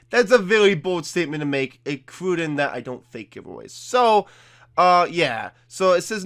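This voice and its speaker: A young man talks through a casual commentary video in a fairly high voice. He sounds chatty and defensive, with plenty of fillers. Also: very animated, moderate pace, fairly bright tone. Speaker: YouTuber.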